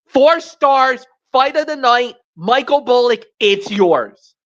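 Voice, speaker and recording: Slow, blunt ranting woman. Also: on the high side, animated. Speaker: wrestling show co-host. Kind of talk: opinionated wrestling commentary. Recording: dull lo-fi stream audio.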